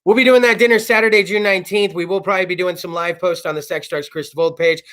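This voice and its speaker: This South Texas host talks at a quick pace in a high-pitched voice on his casual talk show. Excitable, loud and profane, he regularly explodes into shouts during sponsor reads.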